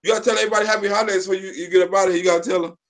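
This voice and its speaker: A man's voice: sits high, steady tone, rapid-fire, a bit bright. A man hosting a casual livestream, reading viewer comments aloud and laughing often. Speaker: livestream host.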